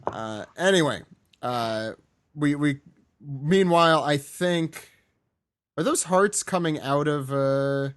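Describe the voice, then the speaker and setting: A man's voice: fairly high pitch, slow, a bit bright, smooth, no room sound. A man co-hosting a podcast, chatting casually and tossing in joking asides. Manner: joking asides and self-deprecating trailing off. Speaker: podcast co-host. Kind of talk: casual chat.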